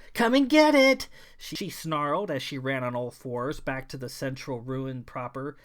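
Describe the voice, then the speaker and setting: Man reading a science fiction novel aloud. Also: mid-range voice. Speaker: author and narrator. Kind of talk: audiobook narration.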